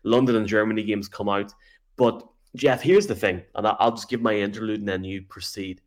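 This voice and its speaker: Casting: lower-voiced man, chatty teasing podcast co-host. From Ireland. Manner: chatty, teasing, quick to laugh. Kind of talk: casual sports chat.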